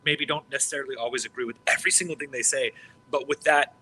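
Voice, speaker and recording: A man in casual podcast chat, excitable and swearing freely, tripping over his words and restarting often. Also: medium pitch, quick pace, slight background noise, poor audio. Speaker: podcast co-host.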